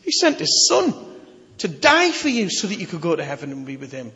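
Animated preacher in an echoey hall. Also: male voice, sits high, a little fast. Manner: animated, conversational, emphatic. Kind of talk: sermon. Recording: echoey hall, slightly dull.

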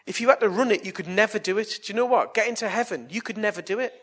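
Male preacher, husky tone, pitched a bit high; chatty storyteller who moves into earnest appeals. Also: very fast, a bit bright. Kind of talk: evangelistic sermon and altar call.

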